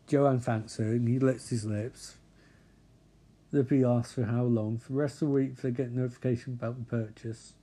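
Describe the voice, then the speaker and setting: A man narrating a comedic recap of a TV episode with deadpan, mocking, profane asides. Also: medium pitch, normal speed, slightly rough.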